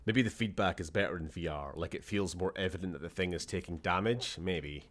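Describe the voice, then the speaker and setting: A man's voice: low-pitched, brisk, a bit bright. A man from Scotland giving casual gameplay commentary as a streamer, sarcastic and jokey, swearing freely.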